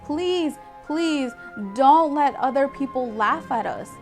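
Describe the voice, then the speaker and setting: A woman voicing a humble male prophet who keeps pleading softly. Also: high-pitched, takes it slowly, faint music behind. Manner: begging, soft.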